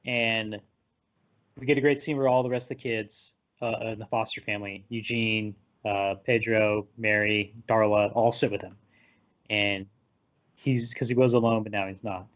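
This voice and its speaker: A man recapping a film in casual chat, animated and laughing, sometimes acting out the characters. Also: on the low side, moderate pace. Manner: animated, acts out characters in quotes, laughs often. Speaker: podcast co-host. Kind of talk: casual movie discussion. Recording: tinny phone-like line.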